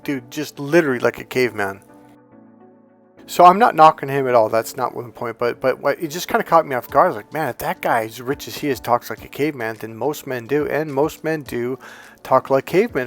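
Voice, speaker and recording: A man's voice: medium pitch, a little fast. Rambling, profane male dating coach. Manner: rambling, profane, mimics grunts and crying babies. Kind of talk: off-the-cuff monologue to camera.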